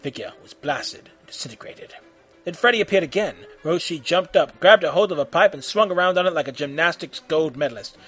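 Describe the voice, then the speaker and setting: A man reads an action story aloud with lively, swinging intonation, his voice sitting a little high. Faint music plays beneath the narration. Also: fairly quick, breathy edge. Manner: animated, acting out shouted voices. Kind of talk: reading a fan fiction story aloud.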